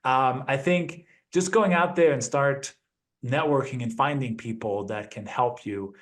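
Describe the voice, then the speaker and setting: A male guest in a conversational interview with an ordinary mid-range voice. He speaks in a relaxed, reflective way, often checking in with a quick question after each point. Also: medium pitch. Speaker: guest, apartment investor.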